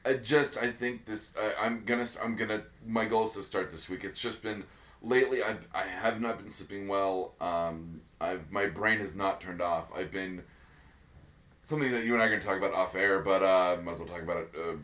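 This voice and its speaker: A man's voice: low-pitched, fairly even intonation, brisk, fairly bright tone. A man co-hosting a casual podcast chat, rambling with lots of fillers and restarts. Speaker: podcast co-host.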